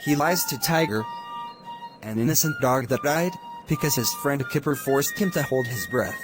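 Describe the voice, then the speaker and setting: A man's voice: medium pitch, normal speed, over loud music. A man narrating a homemade toy story in a plain way.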